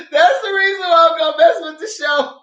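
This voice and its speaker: A woman's voice: very high-pitched, lo-fi sound. A woman chatting casually to her viewers about dramas she has watched, swearing freely and laughing often. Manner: profane, excitable, laughs often. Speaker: drama review vlogger. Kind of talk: casual unscripted chat to viewers. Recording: roomy echo.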